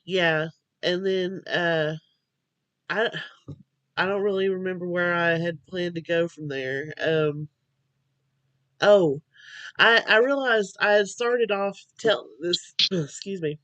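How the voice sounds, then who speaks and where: A young woman speaking slowly and hesitantly, sounding drowsy, hosting a casual home video chat. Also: fairly low pitch, fairly bright tone, no echo, lo-fi sound. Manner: slow, hesitant, halting with many fillers. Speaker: vlog host.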